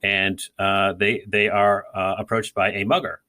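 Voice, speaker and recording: A man's voice: lowish voice, little pitch movement, a little slow, bright, forceful tone. A man co-hosting a podcast, talking casually and rambling with many fillers and restarts. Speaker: podcast co-host. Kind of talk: casual gardening chat.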